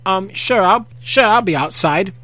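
A man voicing an awkward, gentle teenage girl who stammers and hesitates. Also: high voice, lively intonation, measured pace, pitched above the performer's own voice, full character voice.

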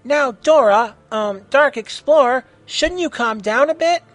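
A man voicing an excitable male monkey sidekick who yelps in an amateur audio story. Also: very high voice, a little slow, no room sound, soft background music, voice pushed up, full character voice. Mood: excited. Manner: excited, yelping.

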